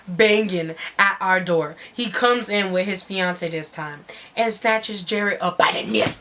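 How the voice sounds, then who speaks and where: Woman telling a wild story slowly. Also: lowish voice. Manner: animated, slangy, swearing narration. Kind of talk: dramatic story reading.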